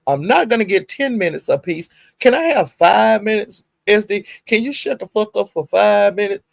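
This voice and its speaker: A woman puts on an exasperated young woman who keeps begging for her turn and then snaps. The voice sits a little higher than the teller's own, and the recording is dry and close. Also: animated, normal speed, creaky, dry recording.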